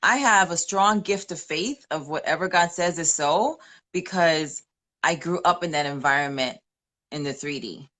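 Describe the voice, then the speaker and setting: A woman in her forties speaks in a lowish voice, co-hosting a live stream in an easy testimonial chat. She tells her story earnestly and drops in the odd Spanish phrase. Her pace and tone stay conversational throughout. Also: normal speed, a bit bright. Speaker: co-host of a manifesting live stream.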